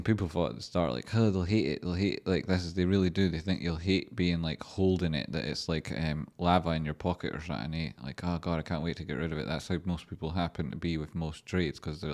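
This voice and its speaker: A man's voice: low-pitched, a little mellow. A young man hosting a livestream, rambling and joking with lots of swearing. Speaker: livestream host. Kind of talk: casual livestream chat.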